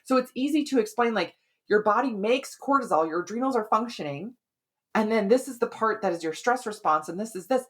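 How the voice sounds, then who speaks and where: A woman's voice: on the high side, animated, a little fast, a bit bright. A woman hosting a health podcast as a hormone expert, explaining in a chatty, conversational way and often checking in with "right?".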